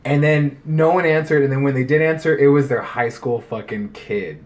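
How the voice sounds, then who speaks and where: A man's voice: mid-range voice, moderate pace. A man co-hosting a casual podcast, telling a story with lots of swearing and acting out the people in it. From United States. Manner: animated storytelling, acts out quoted people, swears freely. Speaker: podcast co-host. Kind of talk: casual chat.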